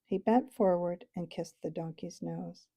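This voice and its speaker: A woman reads a storybook aloud in a gentle, measured way. Her voice is warm and husky, with a gravelly edge. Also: lowish voice, no room sound. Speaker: storybook reader. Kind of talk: reading a novel aloud.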